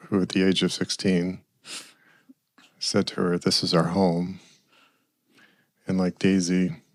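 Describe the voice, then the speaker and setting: A male podcast host speaks slowly and earnestly in a very deep, gravelly voice. He offers a reflective closing word to his listeners, and the recording is dry and close with little room sound. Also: dry recording.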